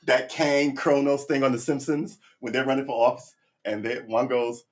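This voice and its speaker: A man's voice: medium pitch, level tone, moderate pace. Rambling blunt man ranting on a livestream. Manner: rambling and blunt, with frequent restarts and profanity. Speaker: livestream host. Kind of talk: casual opinion monologue.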